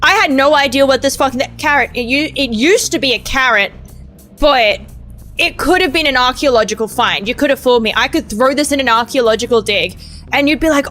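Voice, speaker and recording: Young female streamer, high-ish bright voice, loose profane rambling chat, light music under it. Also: brisk. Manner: rambling, profane, self-mocking. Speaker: VTuber streamer. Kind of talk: casual gameplay stream chat.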